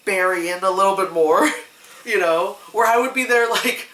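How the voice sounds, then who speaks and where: A woman reviewing a movie in casual chat, animated and laughing often, acting out other people's voices. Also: medium pitch, moderate pace. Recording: echoey room, mic at a distance.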